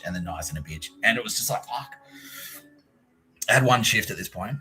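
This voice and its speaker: A man's voice: low-pitched, expressive, brisk, pushed and bright, faint music behind, low-quality recording. A man with an Australian accent hosting a solo podcast, telling a long profane story in a rambling way and mimicking people he quotes. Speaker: podcast host.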